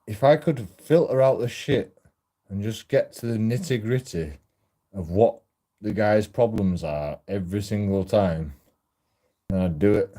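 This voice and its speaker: A man's voice: fairly low pitch, measured pace, mellow. A man rambling and swearing in a casual walk-and-talk monologue, often cutting himself off mid-sentence. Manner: rambling, profane, self-interrupting. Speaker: auditor vlogger. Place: outdoors while walking.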